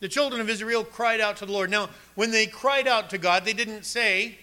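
Male preacher, fairly high and very bright tone, emphatic sermon delivery with soft low drops. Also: fairly even intonation, moderate pace. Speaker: pastor.

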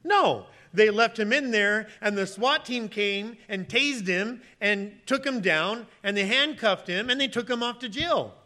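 Animated high-voiced preaching man. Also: measured pace, few pauses. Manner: animated preaching, acts out pleading voices with sudden loud high bursts. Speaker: pastor. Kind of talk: sermon.

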